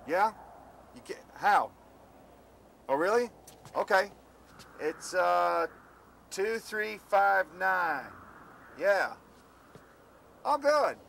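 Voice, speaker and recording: An actor playing a dry, sarcastic fiancé on a road trip who bursts into yelling. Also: male voice, sits high, very animated, very slow, vocal fry, long pauses, a little hiss or hum, exaggerated voice. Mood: polite. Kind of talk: comedy sketch acting.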